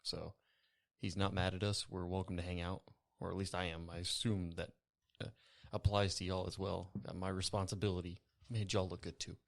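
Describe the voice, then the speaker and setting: A man's voice: low-pitched, little pitch movement, a little fast, gravelly. A man playing a tabletop game in character, easygoing and rambling. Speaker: player. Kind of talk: in-character tabletop role-play.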